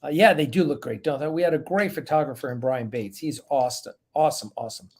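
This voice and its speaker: A man's voice: medium pitch, fast. A man hosting a casual live stream, chatting loosely, greeting viewers one by one by name and rambling between asides.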